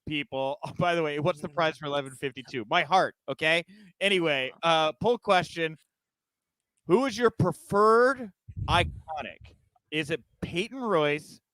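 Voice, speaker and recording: A man hosts a casual news podcast in a high, bright voice. He rambles and giggles at his own jokes, recorded dry and close with no room sound. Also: dry recording. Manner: giggly, rambling, self-mocking. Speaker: podcast host.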